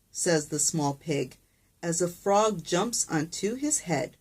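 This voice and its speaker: A woman's voice: lowish voice, animated, slow, a little mellow, breathy edge. A woman teacher reading a picture book aloud to children, patient and encouraging, with asides to the kids.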